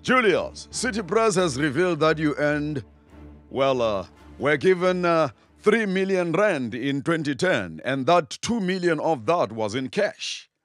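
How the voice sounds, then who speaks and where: A man presenting mock news with a straight, deadpan anchor delivery. His voice is fairly high for a man, close and dry, with soft music underneath. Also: measured pace, dry recording.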